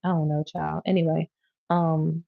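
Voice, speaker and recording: A woman's voice: low-pitched, flat delivery, unhurried, vocal fry, dry recording, narrow, tinny audio. A woman giving a casual tarot reading to her viewers, rambling, profane and chatty as she goes. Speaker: tarot reader.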